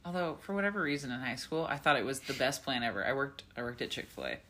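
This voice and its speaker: A young adult woman in casual podcast chat, chatty and quick to laugh, with offhand asides. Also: extremely low pitch, big pitch swings, fairly bright tone. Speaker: podcast co-host or guest.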